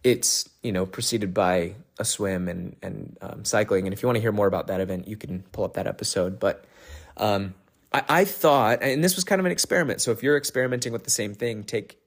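A man hosting a podcast, talking casually and candidly in a rambling way, with many fillers and restarts. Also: on the low side. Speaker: podcast host. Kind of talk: casual monologue recapping a race.

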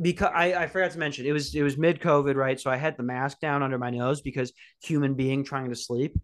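A young man casually telling a rambling story on a podcast, swearing and acting out quotes. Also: medium pitch. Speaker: podcast host.

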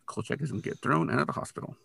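A man's voice: mid-range voice, very fast, gravelly, slightly rough, no echo. A man co-hosting a podcast, retelling a TV episode in casual chat and slipping into quoted lines. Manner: animated retelling with quoted voices. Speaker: podcast co-host recapping a TV episode.

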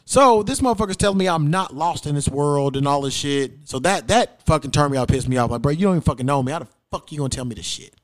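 A young man with a slightly high voice tells a story on his podcast. He curses constantly and keeps it animated. He jumps up loud whenever he quotes himself. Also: quick pace, few pauses. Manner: profane, animated, acts out quotes loudly. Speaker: podcast host. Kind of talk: casual storytelling chat.

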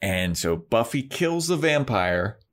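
A man co-hosting a podcast, casually recapping an episode and slipping into quick character voices. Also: mid-range voice, big pitch swings. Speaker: podcast co-host.

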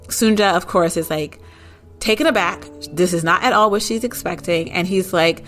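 A woman's voice: fairly low pitch, unhurried, soft background music. Chatty woman rambling through a recap. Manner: rambling, full of "like" and "you know"; indignant, gets loud at outrageous moments. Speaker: show recapper. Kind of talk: casual episode recap.

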